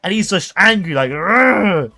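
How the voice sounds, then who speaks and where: Young man, livestream host, animated and jokey storyteller with a very lively delivery. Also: high voice, moderate pace. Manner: animated, jokey, acts out voices.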